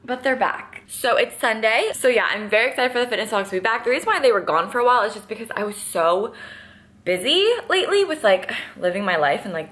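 A woman's voice: mid-range voice, a bit bright. A woman fitness vlogger chatting casually at home in an upbeat, filler-heavy way. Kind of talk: casual vlog chat.

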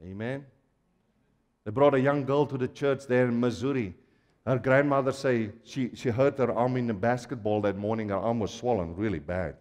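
A man from Africa preaching a sermon to a congregation, animated and full of laughter, swinging from quiet asides to loud exclamations. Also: mid-range voice, normal speed. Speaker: pastor. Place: large church hall. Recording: church hall reverb.

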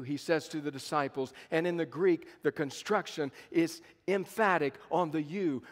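A man's voice: a little high, moderate pace, few pauses. A pastor in his fifties preaching a sermon at a conference, telling the story dramatically with emphatic repetition. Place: conference hall. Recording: long hall reverb.

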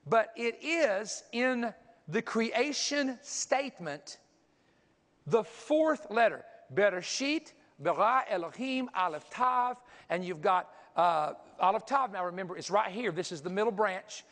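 High-voiced preacher man in a reverberant hall. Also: unhurried. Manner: energetic teaching, pointing at a chart and counting aloud. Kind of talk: sermon.

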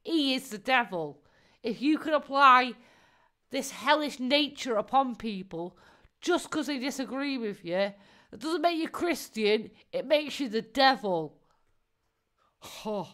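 A woman's voice: high-pitched, lively intonation, measured pace, a bit bright. A woman, giving casual live-stream commentary in a mocking tone, laughing often and swearing freely.

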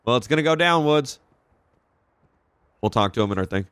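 Excitable, profane young man gaming. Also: mid-range voice, moderate pace, clean tone, no echo. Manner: excitable, profane, reacting out loud. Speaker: gaming channel host. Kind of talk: casual let's-play commentary.

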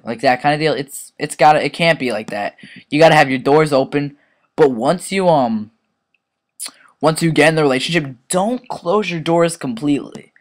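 A man's voice: a little high, normal speed. A teenage boy giving rambling, crude, joking gameplay commentary, now and then slipping into mock voices. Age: teens. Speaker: gaming commentator.

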